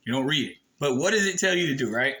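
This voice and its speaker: A man's voice: mid-range voice, animated, fast talker, pushed and bright, low-quality recording. A man casually explaining a form and reading it aloud, talking bluntly with emphatic rhetorical questions and some swearing. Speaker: video presenter.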